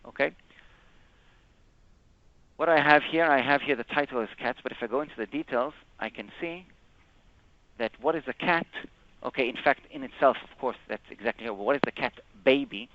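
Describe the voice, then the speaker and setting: A man presenting a live software demo in a webinar, explaining step by step and often correcting himself. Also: mid-range voice, no room sound. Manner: halting, explains step by step with frequent self-corrections. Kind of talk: live screen-share product demo. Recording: dull lo-fi webinar audio.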